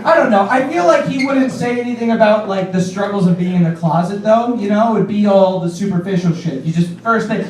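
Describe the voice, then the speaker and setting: A man's voice: high-pitched, fairly quick, a crowd in the background. A man performing a stand-up comedy set on stage, rambling and laughing at his own jokes, with lots of "like". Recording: echoey room from far off.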